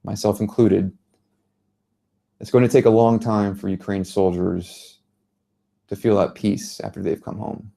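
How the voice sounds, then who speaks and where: American man in his thirties, mellow tone, earnest speaker at a lecture. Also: on the low side, level tone, gravelly. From United States. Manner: earnest, measured storytelling. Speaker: journalist giving a talk. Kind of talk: public speech. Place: lecture venue.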